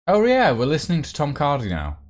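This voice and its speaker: A man's voice: fairly high pitch, wildly swooping pitch, a little fast, slight background noise. A man hosting a livestream, chatting casually and playfully, rambling and muttering to himself as he writes. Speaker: livestream host.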